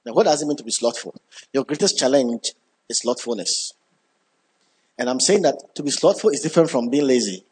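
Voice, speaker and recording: Husky-voiced male preacher. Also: medium pitch, a little fast. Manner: emphatic, repeats key words, swells when excited. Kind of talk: sermon.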